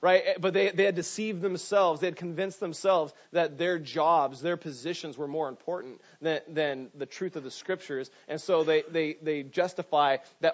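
A man's voice: fairly high pitch, normal speed, few pauses. A male pastor preaching a conversational sermon, often repeating words and asking "right?". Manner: conversational preaching, many restarts and "right?" asides. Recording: dull lo-fi sound.

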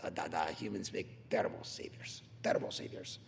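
A man putting on a Russian accent to voice a deep, drawling Russian friend, in a reverberant hall. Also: fairly quick, gravelly, slight background noise.

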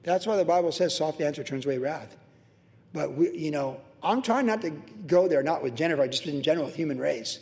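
Middle-aged male pastor, lively verse-by-verse teacher, slightly high voice, long hall reverb. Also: brisk, vocal fry. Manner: animated storytelling with acted-out quotes.

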